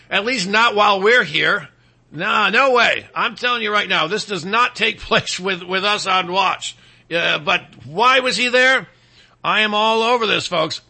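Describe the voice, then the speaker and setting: A man's voice: high-pitched, creaky, pushed and bright, breathy edge. A man hosting his own show, ranting in a rambling comic style full of restarts and asides to the audience. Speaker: show host. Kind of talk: rambling comedic conspiracy rant.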